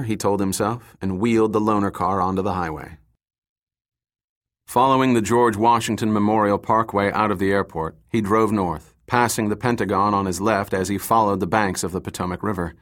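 A man giving measured, scripted audiobook narration. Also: on the low side.

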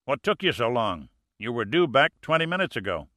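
A man's voice: mid-range voice, very animated, a little fast, sharp tone, no room sound, studio quality. Man reading a weary, cautious sheriff. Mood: hesitant. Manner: helpless, hesitant. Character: weary, cautious small-town male sheriff.

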